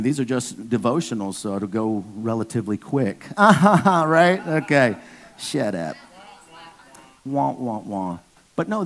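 A man preaching a casual sermon to his church, blunt and conversational with slang, climbing into loud emphatic bursts. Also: medium pitch. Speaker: pastor.

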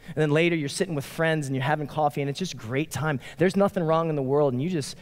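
High-voiced man preaching in a reverberant hall. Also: fast. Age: 40s. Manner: animated, playful, acts out quotes. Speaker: pastor. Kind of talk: casual conversational sermon. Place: church sanctuary. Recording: long reverb of a large hall.

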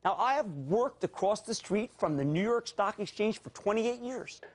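A man in his fifties with a Philadelphia accent, hosting a high-energy financial TV show, theatrical and given to sudden shouts and quick jokey asides. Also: animated. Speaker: TV market commentator.

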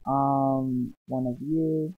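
A man hosting his gaming channel, giving casual, rambling commentary over his gameplay and often exclaiming with excitement. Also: mid-range voice, very slow, no echo. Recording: dull lo-fi sound. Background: faint background music.

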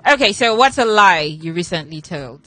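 A woman hosting a radio interview, firing off upbeat quick questions. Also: lowish voice, animated, sharp tone, dry recording. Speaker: radio host. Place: radio studio.

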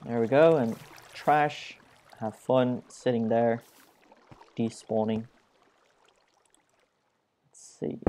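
A young man talks through his gameplay at an unhurried, drawn-out pace, his voice soft and mellow rather than bright. He delivers self-deprecating jokes and puns in a flat, low-key tone. A faint hiss sits under the home mic recording. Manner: self-mocking, flat, pun-making. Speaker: Let's Play gamer. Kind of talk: casual gameplay commentary.

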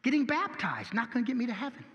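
A man preaching a sermon as pastor, folksy and animated, asking rhetorical questions. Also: extremely high pitch, quick pace, long reverb tail, dull audio, a little hiss or hum.

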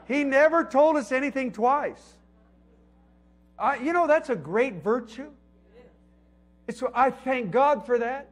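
A high-pitched man delivers a folksy sermon. His voice ranges widely, rising to loud emphatic peaks and sinking to hushed asides. He sounds middle-aged and talks to the congregation like a friend. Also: expressive, takes it slowly, pauses often. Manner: conversational preaching with emphatic swells and soft drops. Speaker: preacher.

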